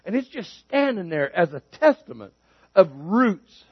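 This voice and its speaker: Man preaching, high voice, folksy storyteller, dry slightly dull sound. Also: very animated, a little slow, slightly rough, no room sound. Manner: folksy storytelling preacher, rises in pitch for emphasis. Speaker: pastor. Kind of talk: sermon.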